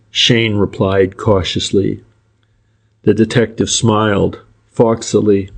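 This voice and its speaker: A male audiobook narrator with a fairly low voice, reading a classic crime novel. He tells the story in a measured, even way.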